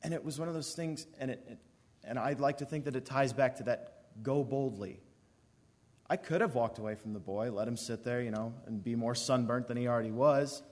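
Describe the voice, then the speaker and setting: Young male speaker, earnest storyteller, mid-pitched natural voice. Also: fairly quick, darkish tone. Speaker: youth speaker. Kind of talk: personal story told to an audience.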